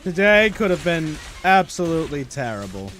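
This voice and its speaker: High, lively, swearing male streamer. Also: normal speed, faint music behind. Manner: profane, exasperated and sarcastic. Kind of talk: casual live-stream rant.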